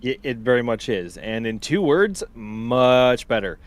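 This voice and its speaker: A man's voice: mid-range voice, animated, measured pace. A man co-hosting a live launch stream, talking in a thoughtful, meandering way. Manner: thoughtful, many fillers and restarts. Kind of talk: casual live-stream commentary.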